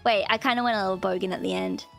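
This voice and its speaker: A woman's voice: medium pitch, wildly swooping pitch, racing, vocal fry, fairly bright tone, soft background music. A woman streamer chatting with her viewers in a bubbly, giggly way, rambling with lots of "like". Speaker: streamer, VTuber. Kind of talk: casual live-stream chat.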